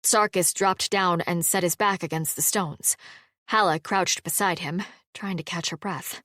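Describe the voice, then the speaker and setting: A woman reading an audiobook in an even, measured storytelling voice. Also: lowish voice, no room sound, studio quality. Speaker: audiobook narrator. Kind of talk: scripted narration.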